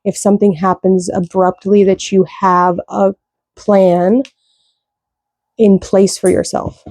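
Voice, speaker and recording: A woman giving a casual tarot reading, rambling with lots of fillers, slow when she reads out card meanings. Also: medium pitch, flat delivery, a little mellow, no room sound. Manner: rambling, loose, with many fillers. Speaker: tarot reader.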